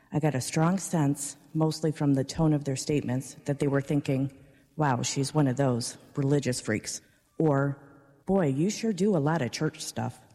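A woman, a parishioner, reading a prepared personal testimony in a church, earnest and steady. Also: low voice. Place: large church. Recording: long church reverb.

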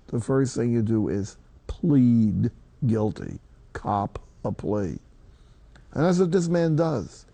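A man's voice: medium pitch, warm tone, dry recording. An older man, a priest, preaching a sermon in a folksy, emphatic way, quoting scripture.

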